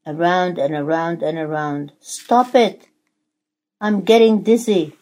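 A woman's voice: low-pitched, fairly even intonation, takes it slowly, warm tone, full character voice. A woman voicing a suffering clay teacup that pleads and cries out as it is shaped, in a sermon story. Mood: anguished. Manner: pleading, crying out.

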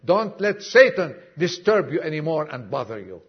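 A man preaching a sermon to a congregation, emphatic, acting out dialogue and dropping suddenly to a hush. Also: fairly high pitch, big pitch swings, normal speed, breathy edge, lo-fi sound. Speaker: pastor. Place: church congregation.

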